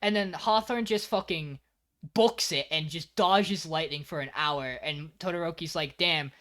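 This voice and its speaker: A man's voice: fairly high pitch, moderate pace. A man co-hosting a podcast, animatedly recapping an anime episode in casual chat and swearing freely. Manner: animated storyteller, frequent swearing. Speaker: podcast co-host.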